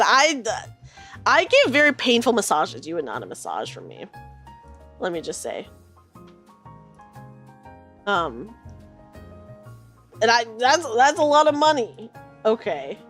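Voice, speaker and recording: A woman's voice: on the high side, a bit bright. A woman in her thirties chatting with her stream viewers from her room, telling a rambling story full of fillers and swearing now and then. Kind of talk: casual chat with live viewers.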